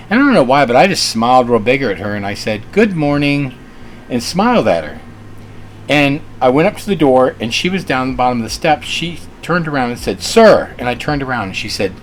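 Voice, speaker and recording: A restaurant co-owner with a mid-range voice tells stories in a casual interview, with a little hiss or hum in the background. He comes across as earnest, using lots of fillers and restarts.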